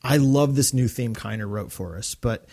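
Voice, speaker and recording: A man's voice: medium pitch, normal speed, dark tone. A man co-hosting a fan podcast, talking enthusiastically with many fillers and restarts. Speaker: podcast co-host. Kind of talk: casual fan podcast discussion.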